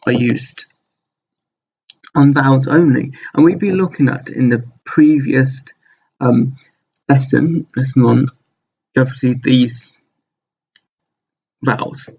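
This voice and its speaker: Low raspy guy teaching an online lesson, slow and relaxed, lots of ums, kinda muffled audio. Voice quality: gravelly, husky low voice. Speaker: language teacher. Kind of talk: recorded online lesson over slides.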